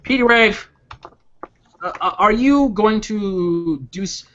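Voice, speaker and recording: A man's voice: high voice, lively intonation, takes it slowly, a bit bright, dull audio. A man hosting a podcast, reading out news items in a jokey casual way. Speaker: podcast host.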